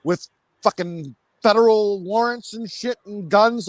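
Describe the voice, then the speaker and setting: A man's voice: high-pitched, measured pace, dry recording. A man guesting on a casual livestream, agitated and ranting angrily with constant swearing. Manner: angry, profane ranting.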